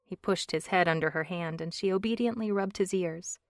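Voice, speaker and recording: A woman reads an audiobook in an even, measured way. Her voice sits fairly low, and the sound is close-miked and dry. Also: no room sound. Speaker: audiobook narrator. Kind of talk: scripted narration.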